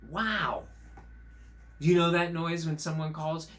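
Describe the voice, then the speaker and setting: A man's voice: fairly high pitch, unhurried, background noise. A male teacher reading a picture book aloud to children and playfully chatting with puppets. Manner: animated, playful, warmly teasing. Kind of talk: children's story-time reading and puppet chat.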